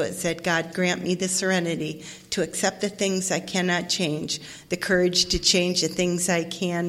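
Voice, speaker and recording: A middle-aged woman from Ohio telling her own story as a recovery meeting speaker, animated and self-mocking, often laughing. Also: on the low side. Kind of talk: personal testimony, storytelling.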